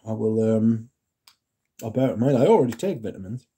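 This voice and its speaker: A man hosting a casual livestream, reading and answering chat in a relaxed, yawning way. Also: on the low side, fairly quick, husky. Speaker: livestream host.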